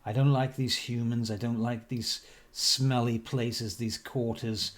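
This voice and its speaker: A man's voice: mid-range voice, little pitch movement, unhurried, natural voice. A man voicing a drunk, boisterous male traveller who whines and complains. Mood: drunken grumbling. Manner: whiny complaining.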